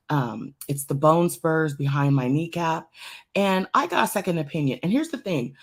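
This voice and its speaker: A woman with a fairly low voice tells a personal story to a church gathering. She talks conversationally, circling back on phrases and calling on the listeners to stay with her. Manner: repeats phrases for emphasis and draws the audience in. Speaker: church speaker. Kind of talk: conversational testimony to a congregation.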